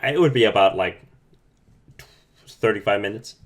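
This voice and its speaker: A man's voice: lowish voice, moderate pace. A man running a tabletop role-playing game over a call, narrating loosely with many fillers. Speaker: game master. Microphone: remote call mic.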